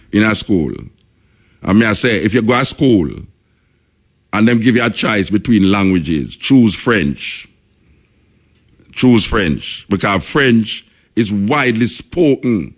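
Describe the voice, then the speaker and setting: A man's voice: fairly low pitch, animated, takes it slowly, long pauses, lo-fi sound. A man with a Jamaican accent hosting a radio talk show, speaking emphatically, repeating points and saying "you know" often.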